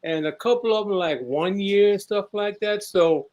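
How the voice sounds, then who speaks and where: Guy on a call musing about the team, voice on the higher side, lots of "you know". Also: moderate pace. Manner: relaxed, musing, says "you know" often. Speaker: show panelist. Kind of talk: casual sports chat.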